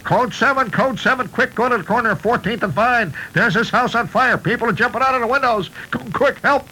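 Man doing panicky fire crew yelling orders, high strained voice, rushing it. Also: lively intonation, a little hiss or hum, heavily acted, rough recording. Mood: urgent. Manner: urgent, hurried shouting. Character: excitable bumbling male firemen shouting orders.

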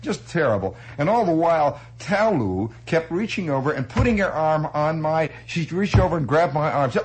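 A man telling an anecdote in a chatty, animated way, laughing through his telling. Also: a little high, moderate pace, few pauses, husky, low-quality recording. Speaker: storyteller. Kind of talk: spoken anecdote.

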